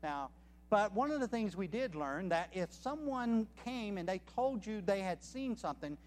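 Man, missionary preacher, sermon, emphatic, numbered points, high voice, long hall reverb. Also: animated, normal speed. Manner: emphatic, counts points off one by one.

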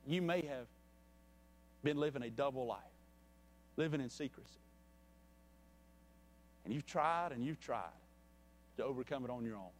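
A man preaching a sermon in a church, reading a story and then pleading earnestly and softly with listeners. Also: medium pitch, expressive, moderate pace, long pauses. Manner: earnest and pleading, dropping soft.

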